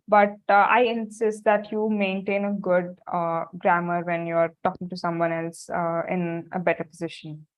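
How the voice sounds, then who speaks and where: A woman's voice: on the low side, level tone, moderate pace, hardly any pauses, smooth. A woman presenting a career workshop, talking informally with many fillers, restarts and repeated phrases. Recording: muffled lo-fi recording.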